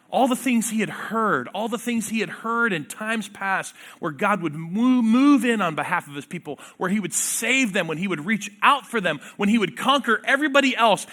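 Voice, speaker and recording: High bright-voiced male preacher. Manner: reads scripture aloud and explains it with swings from loud emphatic to hushed. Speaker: pastor. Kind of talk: sermon.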